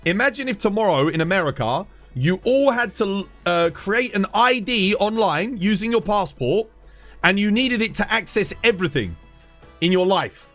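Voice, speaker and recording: A British man in a live stream, ranting with a fairly high, very lively voice that swings up and down as he gets worked up. He swears freely and drops "dude" into nearly every thought. Faint game music plays behind him. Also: normal speed. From United Kingdom. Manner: heated, swears a lot, keeps saying "dude". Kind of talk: casual live-stream rant.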